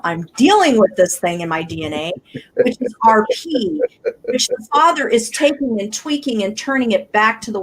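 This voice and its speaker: A woman speaking as a panelist on a faith talk show, telling stories in an animated way. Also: medium pitch, poor audio. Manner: animated storytelling. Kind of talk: casual faith discussion.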